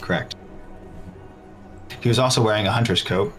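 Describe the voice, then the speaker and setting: A man narrating as game master, listing loot and describing scenes in a measured way. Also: fairly low pitch, a bit bright, faint music behind.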